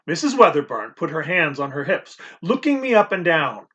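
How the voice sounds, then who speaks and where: A man narrating an audiobook in the first person, expressive and nervous in tone. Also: a little high, moderate pace, few pauses.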